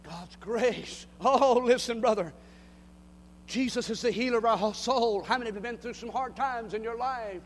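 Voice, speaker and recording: Man, preacher, fiery shouting sermon, folksy jokes, very high voice, reverberant hall. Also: moderate pace, a little hiss or hum. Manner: shouting, call-and-response, rising to cries; folksy joke-telling. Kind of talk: Pentecostal-style sermon. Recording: long reverb of a church hall.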